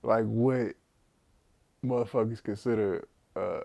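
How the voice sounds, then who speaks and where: A man's voice: lowish voice, takes it slowly, vocal fry, dark tone. A man co-hosting a podcast, telling stories in casual, profane chat with bursts of laughter. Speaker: podcast co-host.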